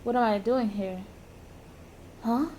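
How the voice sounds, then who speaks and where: Woman in her own voice as a confused young man, bewildered questions, high voice, faint hiss. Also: slow pace, mellow.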